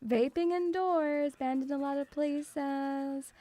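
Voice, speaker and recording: A woman's voice: sits high, steady tone, takes it slowly, dark tone. A young British woman streaming live as a playful, mock-stern teacher who teases her audience. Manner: teasing, mock-stern, calls the audience "sweetie".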